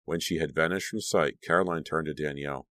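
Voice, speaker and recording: Deep-voiced man reading dramatically. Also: fairly even intonation, a little fast, fairly bright tone, dry recording. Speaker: audiobook narrator. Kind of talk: audiobook narration.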